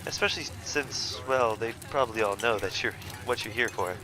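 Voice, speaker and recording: A man's voice: mid-range voice, brisk, lightly acted, poor audio. A man reading a game character's lines, a chatty and friendly small-town local who talks in a breezy, teasing way.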